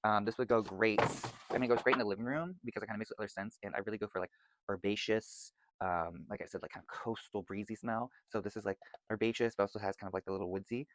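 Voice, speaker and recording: A chatty man talks quickly through his candle haul, rambling from one thought to the next and gushing over every scent. His voice sits a little low and never slows down for long. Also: steady tone, fairly bright tone. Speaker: vlogger reviewing candles. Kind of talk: casual product chat.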